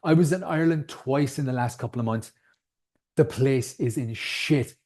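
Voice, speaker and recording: A man's voice: mid-range voice, moderate pace, a little mellow. A man in his thirties, not from the United States, hosting a solo podcast in a heated, emphatic rant full of swearing. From outside the United States. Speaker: podcast host.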